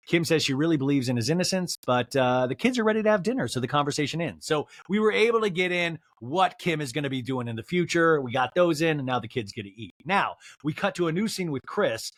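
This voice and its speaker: Snarky, animated male podcast host. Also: on the high side, fast talker, few pauses, no room sound, studio quality. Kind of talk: comedic TV recap.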